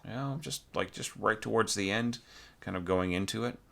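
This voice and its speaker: A man with a very low voice goes through a student's score in a loose, thinking-aloud way. He stumbles and corrects himself often and sings melodic fragments on nonsense syllables to make his points. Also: moderate pace, gravelly, fairly bright tone. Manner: frequent fillers and self-corrections. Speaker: orchestration teacher. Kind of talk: score critique.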